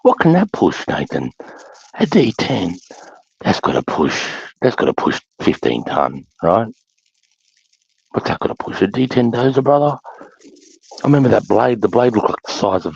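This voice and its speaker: A man's voice: low-pitched, big pitch swings, moderate pace, creaky, breathy edge. An Australian man hosting a casual livestream chat, rambling, swearing constantly and laughing often, in slightly dull lo-fi audio. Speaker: livestream host.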